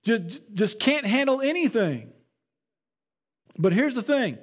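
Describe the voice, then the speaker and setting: High-voiced man preaching a sermon. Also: big pitch swings, slow pace, slightly rough. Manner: conversational, repeats words. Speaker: pastor.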